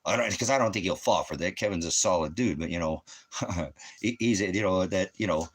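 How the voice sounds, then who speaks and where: Deep-voiced man, 50s, American, profane rambling rant. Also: fairly quick. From United States. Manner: profane, ranting, loose and rambling. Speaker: channel host. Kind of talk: casual rambling monologue. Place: at home.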